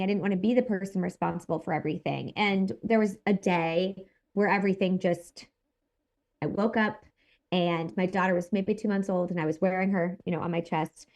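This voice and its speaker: Woman, 30s, podcast guest; animated, emphatic storyteller who acts out quotes. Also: fairly low pitch, dull audio. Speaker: podcast guest, content creator. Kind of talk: personal storytelling in conversation.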